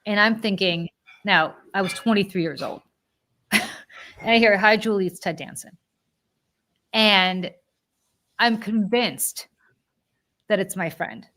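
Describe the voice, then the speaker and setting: A woman in her forties co-hosting a podcast, telling a story in a lively, casual way with many fillers and self-corrections. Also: medium pitch, slow, pauses often. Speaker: podcast co-host.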